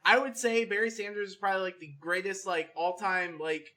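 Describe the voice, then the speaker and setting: A man's voice: high voice, fairly even intonation, brisk, sharp tone. A man co-hosting a podcast, giving emphatic, profane opinions in casual sports talk. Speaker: podcast co-host.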